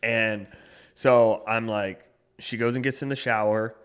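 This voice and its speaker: A man's voice: lowish voice, steady tone, measured pace, clean tone. Young man telling a rambling story. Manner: rambling storytelling, swears a lot, gets loud when riled. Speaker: podcast co-host. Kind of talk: casual chat.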